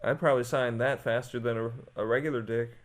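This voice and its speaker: Deadpan joking man, noisy background. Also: mid-range voice, quick pace. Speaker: podcast guest. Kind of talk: casual comedic chat.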